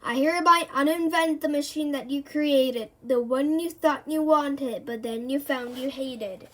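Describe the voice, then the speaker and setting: Vrouw die voorleest als hoogdravende excentrieke oude professor, hoge stem, plechtig. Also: female voice, high voice, a little slow. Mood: proclaiming. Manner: grand, proclaiming, easily offended. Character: pompous eccentric older male professor.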